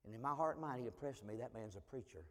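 A loud, rude man in cowboy boots, put on by a preacher telling a story talks bluntly in a raised voice. The lines ring with a long hall reverb. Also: high voice, very animated, fast, full character voice. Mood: earnest. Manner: blunt, then earnestly confessing.

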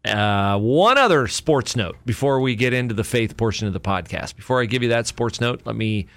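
A man talks through sports notes on his solo podcast, thinking aloud and correcting himself as he goes. His voice sits at an ordinary middle pitch. The sound is dry and close, with no room around it. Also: animated, moderate pace, fairly bright tone, dry recording. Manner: rambling, thinks aloud with many fillers and self-corrections. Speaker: podcast host. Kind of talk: casual solo podcast talk.

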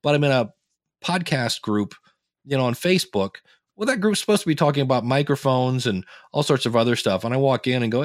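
A middle-aged man talks through podcasting tips as an interview guest, at an ordinary pitch. He tells stories with energy and slips into quick impressions of the people he quotes. The recording is dry and close, with no room sound. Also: no echo. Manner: animated storyteller, acts out quoted voices. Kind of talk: casual interview chat.

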